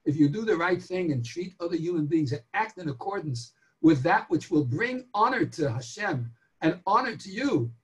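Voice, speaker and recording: New rabbi guy preaching a torah class, voice swoops up and down, leans hard on words. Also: a little high. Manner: animated, emphatic, drawn-out stresses and rhetorical questions. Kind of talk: sermon-style Torah lecture.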